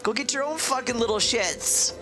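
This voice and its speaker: A woman's voice: on the high side, normal speed. A woman streamer giving casual, profane, sarcastic commentary while playing a game. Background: game music.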